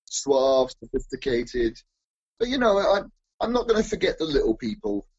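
A man's voice: a little high, sing-song, moderate pace, a little mellow, husky. A man co-hosting a comedy podcast, riffing playfully and improvising absurd bits in casual banter. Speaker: podcast co-host. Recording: dull lo-fi recording.

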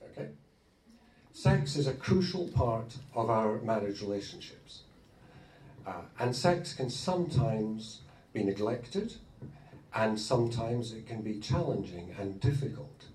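A good-humoured man talking to a group of couples, often breaking into laughter and pausing on fillers. He is heard in a roomy hall from a distance from the mic. A faint noise sits underneath. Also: lowish voice, expressive, a little mellow. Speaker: marriage course co-leader. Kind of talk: informal talk to a group of couples.

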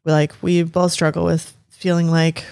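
A woman co-hosting a casual faith podcast, agreeable and quick to laugh. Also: low-pitched, little pitch movement, creaky, a little mellow, clean tone, no room sound, studio quality. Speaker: podcast co-host.

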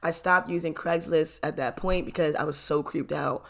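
A young adult vlogger recounting a story in a loose, casual storytime. The voice has a gravelly, fried edge and a middling pitch. The talk is loose and full of fillers, laughs and casual swearing. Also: steady tone, moderate pace, a bit bright. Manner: chatty, lots of fillers, frequent laughs and swearing.

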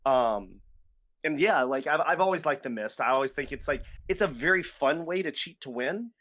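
Rambling young man with a higher voice. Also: animated, moderate pace, a bit bright. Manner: rambling, many fillers and restarts. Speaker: podcast co-host. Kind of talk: casual chat.

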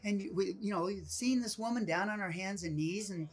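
A woman's voice: mid-range voice, normal speed. A woman guest telling a story in a casual interview, acting out the voices of people in it. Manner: animated, acts out quoted voices.

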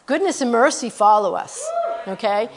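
A woman preaching a conversational sermon about her missionary work. She speaks earnestly, often adds "you know" and "okay?", and reads scripture quickly. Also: fairly high pitch, big pitch swings, crowd noise.

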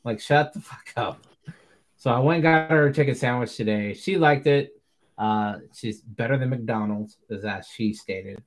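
A man's voice: medium pitch, moderate pace. A man hosting a podcast, telling stories in casual chat, laughing often and swearing casually. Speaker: podcast host.

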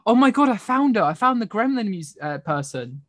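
A woman's voice: medium pitch, very animated, normal speed, fairly bright tone, no echo, clean studio sound. A young woman hosting a podcast, telling rambling, giggly stories in casual chat. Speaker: podcast host.

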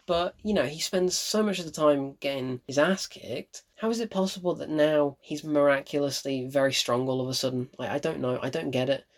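A man talks through a film review in a casual, opinionated way. He is blunt and emphatic, and he comes back to the same point again and again to drive it home. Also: a little high.

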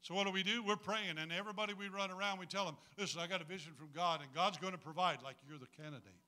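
A man's voice: high voice, fast, bright, forceful tone. A man preaching a sermon to a congregation in a folksy, humorous way, calling on them to answer back.

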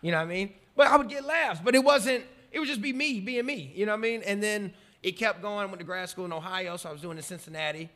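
A man in his thirties, a stand-up comedian, telling his story in a casual, animated, profane way, swinging between loud and quiet. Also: high-pitched, quick pace, hardly any pauses. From American.

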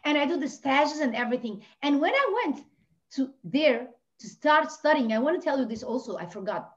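A woman from Lebanon, a podcast guest telling her personal story with passion, swinging between hushed and near-shouting. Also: sits high, expressive, brisk. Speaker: podcast guest, life coach. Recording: dull lo-fi audio.

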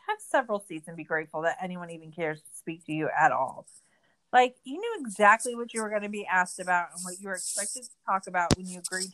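A woman's voice: fairly low pitch, fairly bright tone, rough recording. A woman in her thirties co-hosting a podcast, recapping a documentary in a sarcastic, exasperated rant full of swearing. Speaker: podcast co-host. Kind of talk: casual recap chat.

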